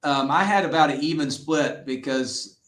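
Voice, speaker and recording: In an echoey, roomy-sounding recording, a middle-aged man who is head coach of a high school football team recounts stories as an interview guest. He speaks at a normal pace, earnest and animated, performing each quote he shares.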